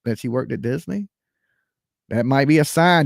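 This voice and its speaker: A man's voice: mid-range voice, normal speed, creaky, no echo, studio quality. A man hosting a live stream, giving casual, chatty commentary straight to his viewers. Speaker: livestream host reacting to a recording.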